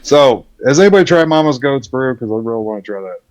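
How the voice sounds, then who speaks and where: A man's voice: mid-range voice, animated, fast talker, darkish tone. A man chatting on a stream, teasing the host with crude, profane jokes. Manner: crude, teasing, swears freely. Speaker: regular on the stream. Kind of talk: casual chat.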